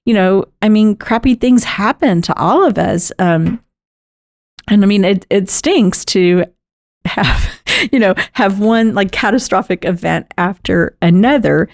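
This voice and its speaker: Gravelly-voiced woman chatting. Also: mid-range voice, measured pace, dry recording, clean studio sound. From Texas. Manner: chatty, animated, laughs often. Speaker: podcast host and caregiver. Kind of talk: casual personal storytelling.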